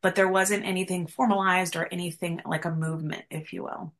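A woman's voice: on the low side, steady tone, a little fast, a bit bright. A woman counselor telling her personal testimony in an interview, earnest and emotional, with many fillers. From United States. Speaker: counselor, guest.

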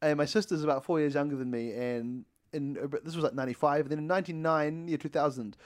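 Higher-voiced New man, playful. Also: fairly even intonation, fast talker. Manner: playful, laughing storyteller. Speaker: podcast co-host. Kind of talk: casual chat.

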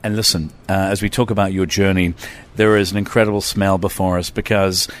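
A man's voice: deep voice, little pitch movement, a little fast. A man from Ireland hosting a food show, interviewing a chef in a restaurant in a chatty, playful way. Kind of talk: casual interview.

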